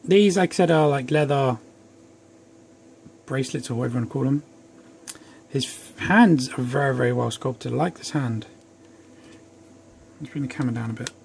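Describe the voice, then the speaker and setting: A man's voice: mid-range voice, moderate pace, gravelly, long pauses, darkish tone. A young man casually reviewing an action figure at home, chatty and rambling with self-deprecating asides. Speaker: toy reviewer. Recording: faint background noise.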